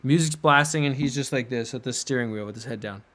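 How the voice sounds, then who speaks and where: A young man telling a rambling story on a podcast, animated, laughing and imitating people as he goes. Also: medium pitch, fast talker. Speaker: podcast co-host. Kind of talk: casual storytelling.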